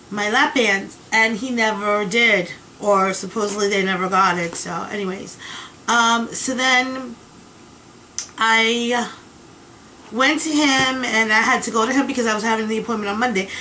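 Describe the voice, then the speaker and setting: A woman's voice: medium pitch, pushed and bright, a little hiss or hum, low-quality recording. A woman rambling in a casual video diary, chatty and exasperated as she vents. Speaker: vlogger.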